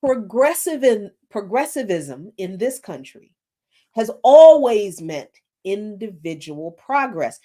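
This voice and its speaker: A woman's voice: medium pitch, sing-song, takes it slowly, dark tone. A woman hosting a political commentary stream, talking off the cuff, searching for words with many fillers and restarts, then making blunt, emphatic points. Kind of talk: unscripted livestream commentary.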